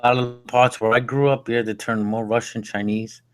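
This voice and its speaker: A man's voice: mid-range voice, fairly even intonation, a little fast. A man, a guest in a casual chat, laid-back and blunt, swearing casually. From Brooklyn, New York.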